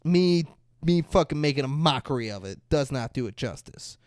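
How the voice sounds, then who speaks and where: A man co-hosting a podcast, casually and profanely retelling movie scenes in an animated way. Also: on the high side, normal speed, dry recording, clean studio sound. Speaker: podcast co-host. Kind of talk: casual movie review chat.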